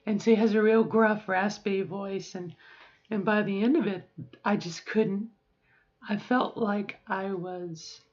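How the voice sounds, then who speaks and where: A middle-aged woman talks through a personal video diary in a reflective, halting voice, pausing often and circling back on her words. Her voice sounds a little strained and sore, and her pitch sits in an ordinary middle range. The audio is slightly dull and lo-fi. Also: steady tone, a little mellow. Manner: reflective, halting, with frequent fillers and restarts. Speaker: vlogger. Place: at home.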